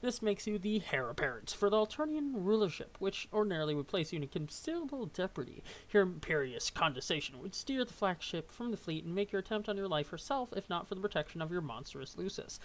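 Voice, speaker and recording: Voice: medium pitch, very animated, quick pace, few pauses. A young adult casually reading a webcomic aloud, tripping over words and adding joking asides. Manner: reads with stumbles, asides and laughs. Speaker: webcomic reader.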